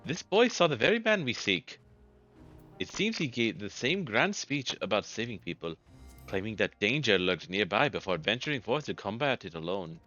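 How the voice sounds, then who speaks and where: A man's voice: low voice, bright, forceful tone. A man voicing a determined young woman warrior, reading her lines in an earnest, declamatory way, over a dull lo-fi game capture.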